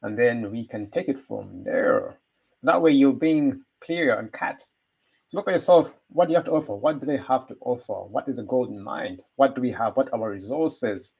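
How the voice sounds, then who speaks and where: A man's voice: mid-range voice, very animated, moderate pace, vocal fry, darkish tone, slightly rough. A man giving a rambling motivational talk, full of rhetorical questions. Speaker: motivational speaker. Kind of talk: motivational monologue.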